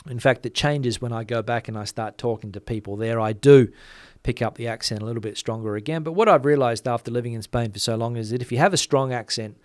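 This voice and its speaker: A man with a mild Australian accent rambles through viewer comments in a casual, quick, filler-heavy way. His voice sits at an ordinary middle pitch. The sound is close and dry. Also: dry recording. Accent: Australian, softened. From Western Australia. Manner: chatty, many fillers, talks fast. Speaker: channel host. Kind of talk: casual livestream chat reading comments.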